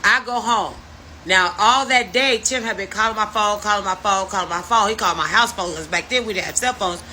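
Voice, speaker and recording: A woman in her fifties tells a story in a bright, forceful voice, with a mid-range pitch. She talks bluntly, swears freely and keeps the retelling animated. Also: a little fast, slight background noise, poor audio. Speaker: storyteller vlogger. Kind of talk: casual storytelling.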